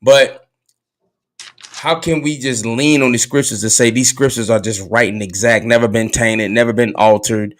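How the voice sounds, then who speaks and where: A man's voice: medium pitch, steady tone, normal speed. A man hosting a podcast in casual conversation, laid-back and candid with slang, recorded in a car. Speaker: podcast host.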